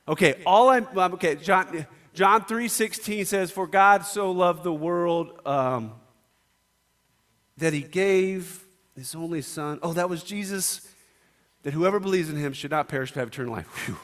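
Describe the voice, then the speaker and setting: A man preaching a sermon, talkative, moving between quiet asides and loud, emphatic declarations. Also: high voice, unhurried.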